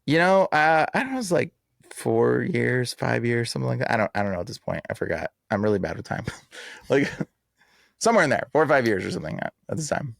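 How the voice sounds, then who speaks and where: A man's voice: medium pitch, quick pace, vocal fry, dry recording. Emphatic slangy man, dry close sound. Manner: animated, emphatic, slangy with frequent "bro" and "like". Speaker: exorcist guest. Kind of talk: casual podcast interview.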